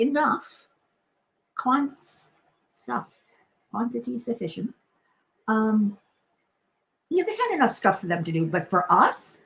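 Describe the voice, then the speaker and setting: A middle-aged woman hosting a casual live stream, chatting in a rambling way with many fillers and restarts. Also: mid-range voice. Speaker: crafting channel host.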